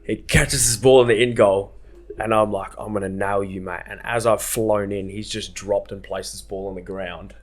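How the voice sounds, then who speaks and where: Self-mocking Aussie bloke telling stories. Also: male voice, fairly low pitch, normal speed. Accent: Australian. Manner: animated, self-mocking, slangy. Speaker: podcast guest. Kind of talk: casual storytelling.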